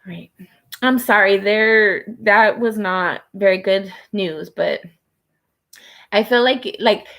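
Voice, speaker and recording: Woman tarot reader, mid pitch, rambling conversational delivery, casual to camera. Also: slow, fairly bright tone. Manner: chatty, rambling, many "like" fillers.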